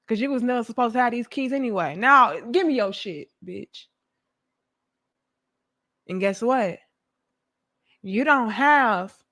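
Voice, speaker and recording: A young adult woman, delivering a profane, animated commentary rant and acting out mocking voices. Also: a little high. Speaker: commentary host. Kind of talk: ranting commentary monologue.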